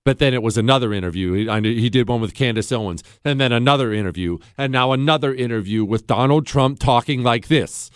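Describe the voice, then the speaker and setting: A man's voice: mid-range voice, fast talker, few pauses, clean tone, dry recording, clean studio sound. A man hosting a talk show, delivering a combative, sarcastic opinion monologue and acting out imagined conversations. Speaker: radio talk show host.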